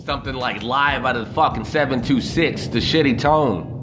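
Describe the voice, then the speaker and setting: A man's voice: medium pitch, normal speed, over music. Profane, rambling man on a live video. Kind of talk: rambling casual storytelling.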